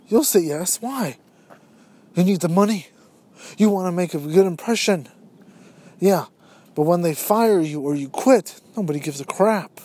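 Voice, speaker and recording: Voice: mid-range voice, lively intonation, measured pace, long pauses, a little mellow. A podcast host giving a motivational monologue, firing rhetorical questions straight at listeners and acting out bits of everyday dialogue. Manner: acts out imagined everyday dialogue.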